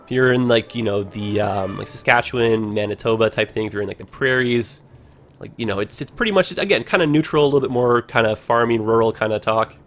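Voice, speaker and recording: A man's voice: mid-range voice, brisk, a bit bright, soft background music. A man with a Toronto Canadian accent, chatting casually over his gameplay as a livestreamer and filling his talk with "like" and "you know".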